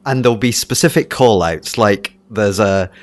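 A man with a lowish voice and an accent that blends Scottish and English tells a long story in casual conversation. He hesitates often, circling back with fillers and restarts before landing his point. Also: normal speed, no echo. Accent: mixed Scottish and English. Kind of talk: casual chat.

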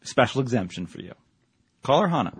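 A man's voice: mid-range voice, big pitch swings, brisk, breathy edge, dry recording. A man co-hosting a casual podcast, teasing his partner and rambling with plenty of fillers. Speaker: podcast co-host. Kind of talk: casual chat.

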